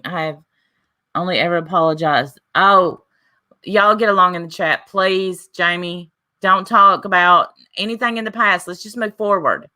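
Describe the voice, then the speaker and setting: Bright-voiced woman chatting on a livestream. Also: lowish voice, normal speed. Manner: chatty, reads viewer comments aloud. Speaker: livestream host reading chat. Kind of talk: casual livestream chat.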